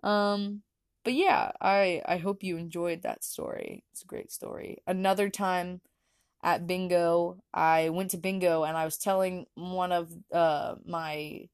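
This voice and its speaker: A young woman in her twenties tells a loose personal story, laughing often and restarting sentences as she goes. Her pitch sits in the middle of the usual range. The sound is dry and close, with no room echo. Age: young adult. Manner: rambling, giggly, lots of fillers and restarts. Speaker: vlogger. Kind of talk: casual storytelling.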